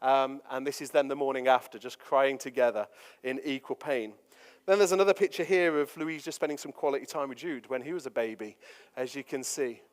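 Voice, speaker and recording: A man's voice: medium pitch, clear, resonant tone. A man, preaching a sermon full of jokey personal stories and fillers. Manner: jokey, anecdotal, lots of fillers. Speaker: pastor. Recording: long reverb of a large hall.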